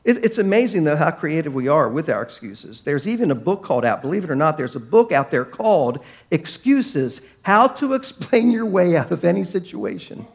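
A man preaching a sermon to a congregation, acting out quoted complainers in animated bursts. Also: on the high side, normal speed, hardly any pauses. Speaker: pastor.

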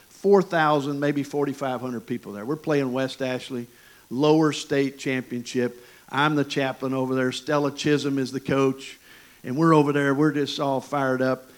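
A man preaching a sermon through folksy stories. He is animated and chatty and keeps turning to his listeners with asides. His voice sits at an ordinary middle pitch. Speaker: pastor. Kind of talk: storytelling sermon.

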